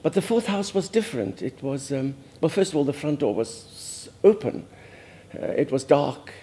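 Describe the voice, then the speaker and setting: A man's voice: a little high, lively intonation, moderate pace, mellow, a little hiss or hum. A man playing a prim, earnest older Afrikaans society lady with an Afrikaans South African accent, confiding in a monologue that drops Afrikaans words. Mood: reminiscing. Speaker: host. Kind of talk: character monologue.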